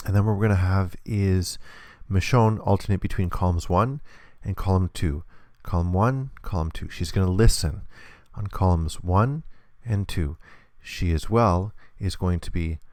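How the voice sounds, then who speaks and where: A man's voice: deep voice, measured pace, a little mellow, no room sound, studio quality. A man teaching a hands-on lesson, explaining patiently step by step. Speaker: instructor.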